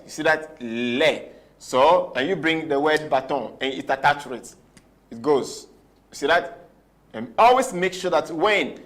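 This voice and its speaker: A man teaching a French grammar lesson at a board, slowing down on key words and often checking that students follow. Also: a little high. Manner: repetitive, checks understanding often; slows down to stress key words. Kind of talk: whiteboard language lesson.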